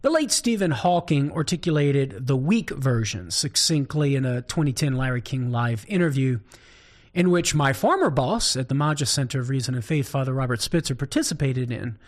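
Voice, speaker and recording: A man from southern Louisiana with a Cajun accent, hosting a talk show as a Catholic apologist and telling a joke with animated delivery. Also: mid-range voice, moderate pace. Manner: animated storyteller, chuckles often. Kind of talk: scripted talk-show commentary.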